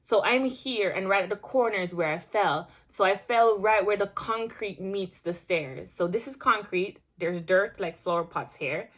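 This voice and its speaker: A young woman vlogger telling a casual storytime, chatty and animated, with many restarts and filler words. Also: medium pitch, normal speed, few pauses.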